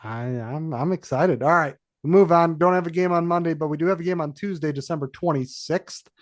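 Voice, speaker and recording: Higher-pitched man chatting sports picks. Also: fairly quick, dry recording, studio quality. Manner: rambling, self-correcting, frequent fillers. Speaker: podcast co-host. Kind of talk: casual sports betting chat.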